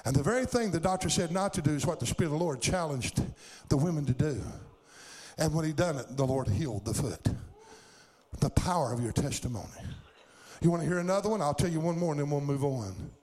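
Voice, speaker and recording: A man's voice: on the high side, lively intonation, fairly quick, darkish tone. A middle-aged man preaching a sermon, telling stories and building to fervent exhortation.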